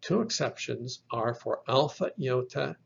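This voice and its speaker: A man teaching from slides, explaining each term slowly and carefully and spelling words out letter by letter. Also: mid-range voice, lively intonation, gravelly, slightly rough, lo-fi sound. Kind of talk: slide lecture.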